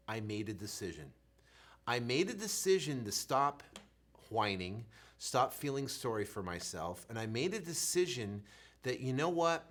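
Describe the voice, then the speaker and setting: Guy coaching on real estate, bright forceful voice, animated storytelling, gets loud then quiet. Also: mid-range voice. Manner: animated, swings loud and soft, acts out his own stammering. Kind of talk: motivational storytelling.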